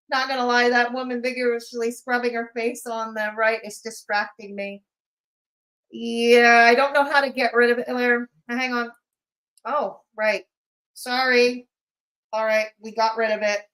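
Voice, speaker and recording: A woman's voice: fairly high pitch, a bit bright, low-quality recording. A woman hosting a live-stream, commenting on clips in a sarcastic, mocking way. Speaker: commentary channel host.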